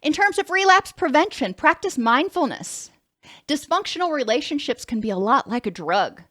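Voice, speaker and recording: A woman's voice: high voice, big pitch swings, normal speed, bright, forceful tone, no room sound, clean studio sound. A woman counselor giving a conversational lecture, sometimes stopping to correct herself. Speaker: licensed counselor.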